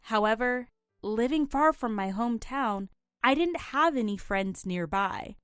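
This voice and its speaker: A woman with a fairly high voice tells a first-person drama story at an unhurried pace. Her delivery is earnest and emotional, recorded close and dry with faint music underneath. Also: animated, fairly bright tone, clean tone, no echo.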